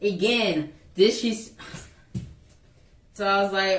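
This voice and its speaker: A woman's voice: medium pitch, a little slow. A young woman vlogger animatedly retelling a school story in a casual, exasperated way. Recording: echoey room, voice a bit far from mic.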